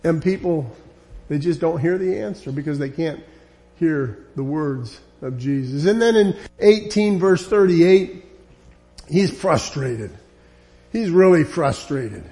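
A man with a high voice delivers a sermon to his congregation. He talks emphatically and conversationally, repeating his points and often saying "you know". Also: animated, slow, mellow. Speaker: preacher.

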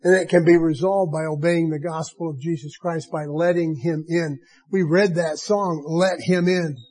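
Male preacher, higher voice, warm and mellow tone, slow earnest sermon delivery. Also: steady tone, rough recording.

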